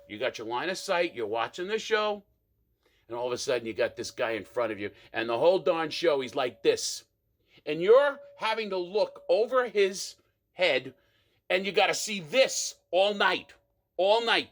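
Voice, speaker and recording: A man performing an exasperated comic rant monologue, mocking people with quick impressions. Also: high-pitched, fairly bright tone.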